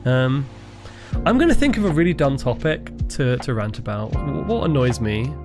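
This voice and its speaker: A man's voice: mid-range voice, animated, moderate pace, music in the background. Rambling British man streaming at home. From Britain. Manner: rambling, self-interrupting, swears and laughs easily. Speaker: livestream host. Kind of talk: casual livestream chat. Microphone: desk microphone.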